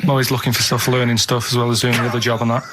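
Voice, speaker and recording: A man with a Manchester accent, a mid-pitched voice, chatting on a studio radio show. He rambles through odd stories in a flat, deadpan way and gets defensive when teased. Close studio mic. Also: very fast, background noise. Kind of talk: casual radio banter.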